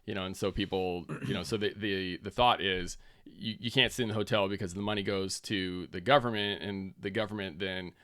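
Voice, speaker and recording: A man's voice: sits low, steady tone, a little fast, bright, forceful tone, clear, resonant tone, dry recording, studio quality. A man hosting a casual podcast chat, easygoing and chuckling, with many fillers. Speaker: podcast host, fly shop.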